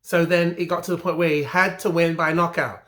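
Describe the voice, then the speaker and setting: English guy going off about a bad ref call, high voice, keeps hammering the same point. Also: steady tone, brisk, a bit bright. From England. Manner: indignant, repetitive, emphatic. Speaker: boxing commentary vlogger. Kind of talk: heated opinion rant.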